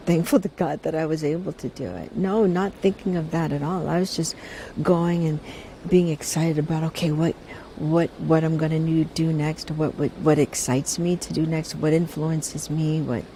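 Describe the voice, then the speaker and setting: Brief: woman, 50s, interview guest, mellow low voice, soft and heartfelt. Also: a little hiss or hum, rough recording. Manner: soft-spoken, heartfelt, halting restarts. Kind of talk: casual interview.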